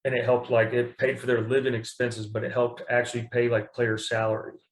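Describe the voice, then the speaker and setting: A man's voice: medium pitch, completely flat delivery, fairly quick. A young man from Kentucky telling stories as a guest in a casual interview, rambling and full of fillers. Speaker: baseball pitcher, guest. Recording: echoey room.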